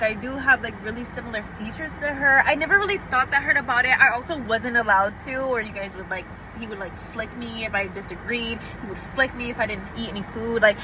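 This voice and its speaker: A woman's voice: on the high side, noisy background. A young woman telling a personal story in a casual vlog, blunt and heavy on swearing. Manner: blunt, profane and emotional. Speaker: vlogger.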